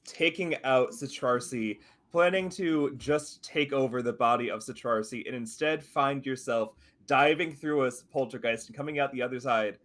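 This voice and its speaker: A man acting as game master for a tabletop game on a live stream. He talks in an easygoing, relaxed way, laughing often. His pitch sits in the middle of the range. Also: normal speed, few pauses. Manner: easygoing, laughs often, greets chat mid-scene.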